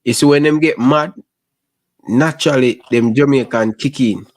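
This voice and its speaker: A man's voice: mid-range voice, measured pace, a little mellow. A man hosting a casual podcast chat, prompting his guest with short questions. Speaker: podcast host.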